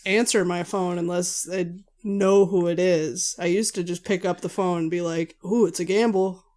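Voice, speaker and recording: A woman's voice: fairly low pitch, little pitch movement, normal speed, darkish tone. A woman co-hosting a podcast in casual chat, telling self-mocking stories. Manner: chatty storyteller, self-mocking. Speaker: podcast co-host.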